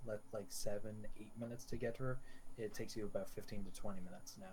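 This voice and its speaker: A man narrating as game master of a tabletop game, describing events in a halting way with repeated words. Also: lowish voice, steady tone, a little mellow, a little hiss or hum, poor audio.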